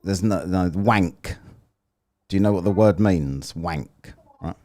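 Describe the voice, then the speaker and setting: A man's voice: sits low, takes it slowly, a little mellow. A British man hosting a live online debate, sarcastic, mocking and blunt with the callers. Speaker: livestream host.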